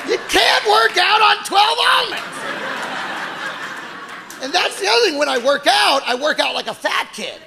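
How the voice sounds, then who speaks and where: Loud, profane stand-up comedian. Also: male voice, very high voice, lively intonation, a little slow, creaky, pauses often, big-room sound. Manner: loud, profane, shouting punchlines. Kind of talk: stand-up set. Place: comedy club stage. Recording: live club with crowd laughter and noise.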